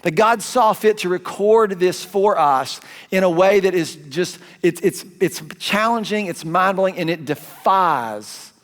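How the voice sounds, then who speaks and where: Southern male pastor, slightly high voice, chatty animated preaching, church hall reverb. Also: unhurried. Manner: conversational, animated storytelling with self-corrections. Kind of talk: sermon.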